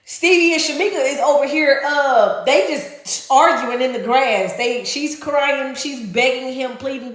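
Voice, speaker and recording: A woman telling a personal story in a casual storytime, animated and profane, laughing as she goes, recorded in an echoey room. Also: high voice, normal speed, few pauses.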